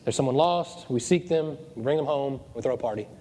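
Fast-talking man preaching in a reverberant hall. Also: mid-range voice, warm tone, slight background noise. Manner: digressive and joking. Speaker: pastor. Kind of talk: sermon. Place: church hall. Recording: long church reverb.

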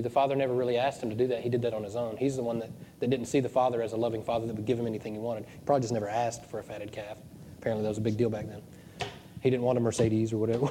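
A man's voice: medium pitch, dark tone, a little hiss or hum. A man preaching a sermon as pastor of his church, joking and digressive as he goes. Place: church hall. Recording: long church reverb.

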